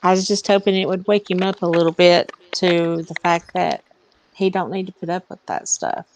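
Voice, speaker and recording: A woman's voice: on the low side, normal speed, a little hiss or hum, rough recording. A woman talking in a casual group chat, venting in an emphatic, exasperated way. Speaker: chat participant.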